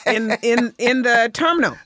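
A fairly high-pitched woman speaks at normal speed with no room sound. Co-hosting a casual talk-show podcast, she tells a story with dramatic flair, animated and breaking into loud acted outbursts.

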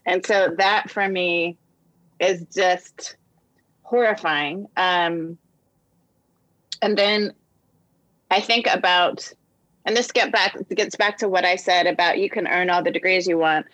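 A woman guest on a discussion show, telling a personal story with animated quoted voices. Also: fairly low pitch, slow pace, pauses often, no room sound, poor audio. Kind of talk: storytelling in conversation.

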